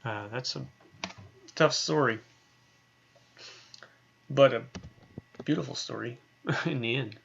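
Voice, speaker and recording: Bright-voiced man teaching casually. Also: medium pitch, takes it slowly, vocal fry, pauses often, muffled recording, a little hiss or hum. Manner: conversational, many tag questions and fillers. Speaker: Bible teacher. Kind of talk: recorded online lesson.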